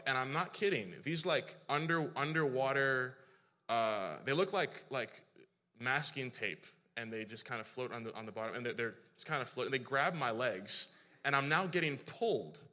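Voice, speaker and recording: A man from Africa, telling an animated, self-deprecating story in a sermon, full of restarts. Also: mid-range voice. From South Africa. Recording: reverberant hall.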